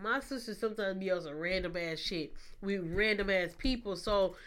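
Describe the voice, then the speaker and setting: Bright, smooth-voiced woman co-host. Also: mid-range voice, normal speed. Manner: questioning, teasing, laughs often. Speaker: podcast co-host. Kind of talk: casual chat.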